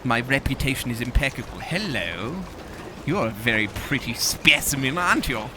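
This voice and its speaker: A man's voice: medium pitch, animated, normal speed, background noise. A man hosting comedic gameplay commentary in a theatrical, pompous manner. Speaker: gaming host in character. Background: game music and sounds.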